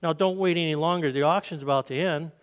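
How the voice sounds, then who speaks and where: A man voicing an old-time auctioneer who calls out bids in a brisk, sing-song way, recorded with a long church-hall reverb. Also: a little high, expressive. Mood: calling bids.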